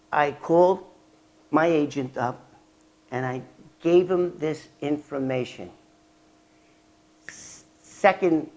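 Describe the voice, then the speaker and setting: An older man vlogging about his past as an informant, telling it in a rambling, animated way with restarts and fillers. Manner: animated, acts out quoted dialogue with sharp jumps in pitch and loudness. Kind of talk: casual storytelling vlog.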